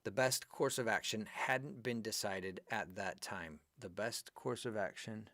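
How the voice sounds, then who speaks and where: Chatty low-voiced male English teacher. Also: a little slow, no echo, clean studio sound. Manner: chatty, animated, talks to students by name. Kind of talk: live online grammar lesson.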